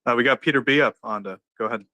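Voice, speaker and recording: A man's voice: mid-range voice, racing, bright, forceful tone, no echo. A man hosting casually, rambling and full of "like" and "you know". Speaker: host. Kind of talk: casual chat in a live audio room.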